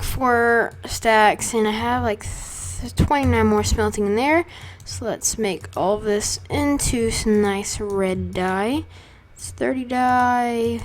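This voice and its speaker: A student casually commenting on their own game as they play, rambling and chatty, often stopping to correct themself. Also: medium pitch. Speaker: let's play creator.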